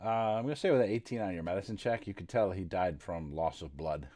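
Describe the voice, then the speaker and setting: A man narrating as game master of a tabletop game, halting with many fillers. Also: deep voice, warm tone.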